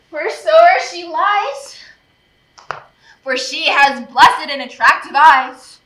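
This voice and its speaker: A lovesick young woman, played by an actress on stage, pleading and protesting in impassioned verse. Her voice is very high and bright. It echoes through a theater, heard from far off. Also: exaggerated voice. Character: lovesick young woman, desperate and self-pitying. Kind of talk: live stage acting.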